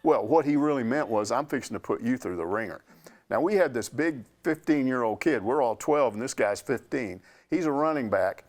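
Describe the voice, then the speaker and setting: An older man hosting a sports chat, telling a story in a casual, animated way and acting out the quotes. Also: mid-range voice, normal speed. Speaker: sports reporter answering questions.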